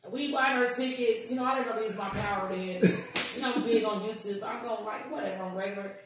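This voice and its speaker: A woman guest on a podcast, telling stories in casual chat, animated and swearing as she acts out what people said. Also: fairly high pitch, quick pace, crowd noise. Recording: echoey room, distant mic.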